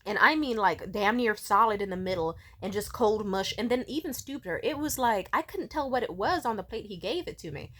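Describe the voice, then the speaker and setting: A woman's voice: medium pitch, brisk, few pauses. A young woman vlogging in a casual, swear-filled storytelling way, acting out the people she quotes. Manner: profane, animated, acts out quoted people.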